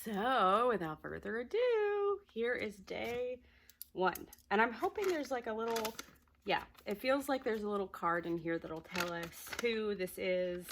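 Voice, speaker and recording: Slightly out of breath lady crafter vlogging, chatty and excited, giggly. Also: medium pitch, a little slow, a little hiss or hum. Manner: excited, chatty, laughs often. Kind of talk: casual chat to camera.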